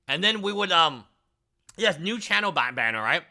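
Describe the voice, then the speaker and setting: Excitable, bright-voiced male streamer. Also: sits high. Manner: excitable, rambling, jokey, quick bursts of enthusiasm. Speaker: live stream host. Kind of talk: casual live stream chat.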